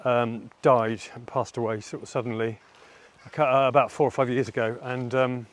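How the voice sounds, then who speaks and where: Middle-aged man, personal vlog monologue, halting, candid, self-reflective, mid-pitched voice. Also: flat delivery. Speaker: vlogger.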